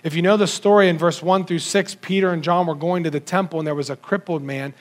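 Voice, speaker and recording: High-voiced man preaching a lively sermon. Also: fast talker. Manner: animated, sweeping between low and high pitch when quoting scripture; audience-addressing with rhetorical questions.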